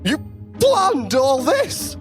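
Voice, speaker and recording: A man's voice: very high voice, huge pitch swings, very slow, faint music behind, pitched above the performer's own voice, heavily acted. A man with a northern English accent voicing a panicked, defiant young witch in a comic read-through of a musical scene.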